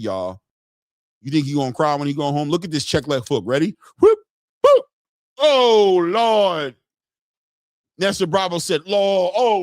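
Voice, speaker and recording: A man hosting a casual boxing livestream, talking in an excitable, slangy way and hollering often. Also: fairly high pitch, no echo, studio quality. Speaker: boxing commentary host. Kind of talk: casual livestream fight commentary.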